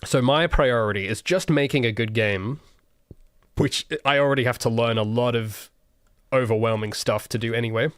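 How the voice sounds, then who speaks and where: A man's voice: mid-range voice, moderate pace, no echo, studio quality. An Australian man chatting casually on a livestream as a solo game developer, rambling with self-mocking jokes and frequent restarts. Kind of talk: casual livestream chat while drawing.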